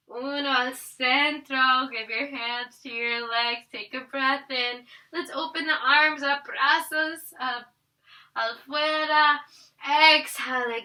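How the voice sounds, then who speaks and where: A woman's voice: high voice, sharp tone, distant mic, rough recording. A woman teaching a guided family yoga class, playful and encouraging, counting through each pose aloud. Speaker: yoga instructor.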